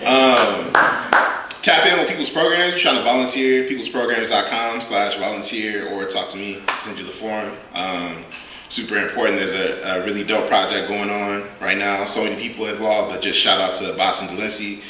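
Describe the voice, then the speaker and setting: A man's voice: fairly low pitch, fairly even intonation, moderate pace, bright, forceful tone, slight background noise. A man at a live reading, performing spoken-word poetry with rhythmic, emphatic questions and then talking casually to the audience. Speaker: featured poet. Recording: very echoey room.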